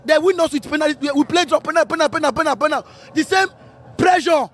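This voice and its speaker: A man's voice: very high-pitched, very fast, a bit bright. A man, an upset football fan ranting in an exasperated, repetitive way. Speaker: angry football fan in a clip.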